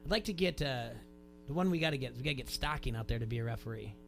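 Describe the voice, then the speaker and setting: A man's voice: medium pitch, animated, racing, vocal fry, music in the background. A man hosting a sports radio show, chatting casually, often restarting his sentences. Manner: rambling, restarts sentences, reads posts aloud.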